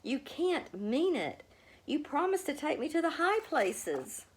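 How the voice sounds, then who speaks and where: Storybook, fearful young woman pilgrim, as a woman reader puts her on, high pleading voice, tearful. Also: big pitch swings, a little slow, a little hiss or hum.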